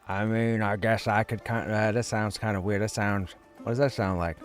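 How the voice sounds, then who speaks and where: A man's voice: on the low side, steady tone, normal speed, hardly any pauses, faint music behind. A man streaming a game, chatting casually in a rambling, self-mocking way with a sore throat. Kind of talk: casual livestream chat.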